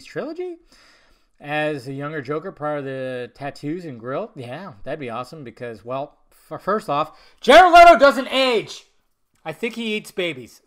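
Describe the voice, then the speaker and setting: Male podcast host, slightly higher voice, rambling and blunt, casual swearing, mutters as he trails off. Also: a bit bright. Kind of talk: casual solo podcast answering viewer questions.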